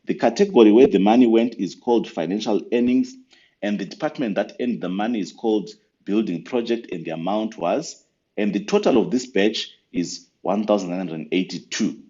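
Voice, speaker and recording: A very low-voiced man gives a patient, step-by-step software walkthrough for church accounts. His talk is sprinkled with ums and uhs. The audio is muffled and lo-fi, like a basic screen recording. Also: moderate pace. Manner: patient, step-by-step explaining with fillers. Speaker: church finance software trainer.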